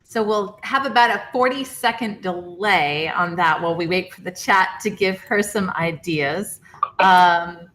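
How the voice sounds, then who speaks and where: A woman's voice: on the low side, measured pace, fairly bright tone. A woman co-hosting a live game stream, upbeat, reading out viewer comments. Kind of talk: casual stream chat.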